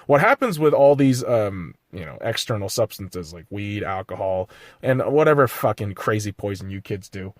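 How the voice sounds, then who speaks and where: A man's voice: fairly low pitch, expressive, normal speed, no room sound, clean studio sound. A man hosting a solo podcast, ranting profanely and criticizing himself between blunt pep-talk asides. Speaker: podcast host.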